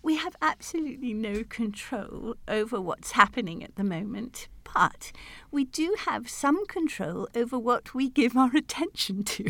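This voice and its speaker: Lively woman reading old poems aloud, bouncy pitch, dry close sound. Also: a little slow, creaky, dry recording. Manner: animated, laughing, nostalgic. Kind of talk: casual chat and poem reading.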